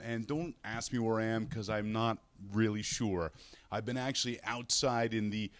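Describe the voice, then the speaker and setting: A lower-voiced Canadian man hosts a fantasy sports show from a hotel room. He tells road stories in a loose, chatty way and acts out the people he met along the way. The sound is dry and close, with almost no room in it. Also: no echo. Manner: chatty, animated storyteller, acts out quoted people. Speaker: fantasy sports radio host. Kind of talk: casual solo show, storytelling.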